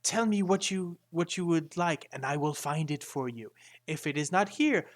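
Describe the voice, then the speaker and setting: A man's voice: on the high side, animated, normal speed, lightly acted. A man voicing an eager, pushy male merchant who coaxes customers with wheedling sales patter. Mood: coaxing.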